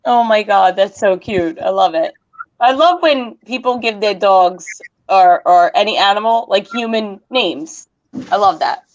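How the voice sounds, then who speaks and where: A woman joining a casual livestream chat as a guest, excitable and gushing. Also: mid-range voice, measured pace, muffled recording.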